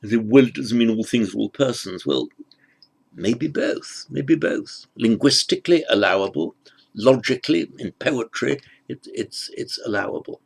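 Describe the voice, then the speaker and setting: A man teaching Sanskrit grammar in an online lesson, explaining slowly and carefully and correcting himself as he goes. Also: medium pitch, animated, creaky, breathy edge.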